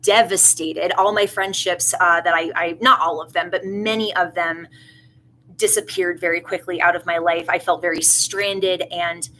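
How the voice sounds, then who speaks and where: A woman's voice: lowish voice, steady tone, moderate pace, sharp tone, a little hiss or hum, poor audio. A woman doing a tarot reading in a casual, rambling way, earnest and emotional. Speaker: tarot reader.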